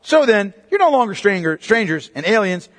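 A man's voice: high-pitched, big pitch swings, normal speed, fairly bright tone. A male pastor preaching a sermon emphatically, often asking the congregation rhetorical questions. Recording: long reverb of a large hall.

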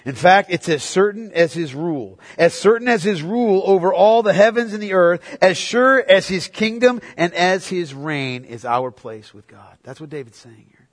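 High-voiced pastor guy preaching, drops low and quiet then gets loud and fired up, big echoey hall. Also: lively intonation, moderate pace. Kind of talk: sermon. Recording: long hall reverb.

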